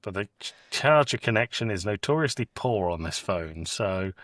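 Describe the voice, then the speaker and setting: A British man co-hosting a podcast, telling jokes in a casual, deadpan way and doing quick voices for the punchlines. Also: on the low side, dry recording, studio quality. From Britain. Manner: deadpan joke delivery with acted punchline voices. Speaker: podcast co-host. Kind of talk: casual comedic chat.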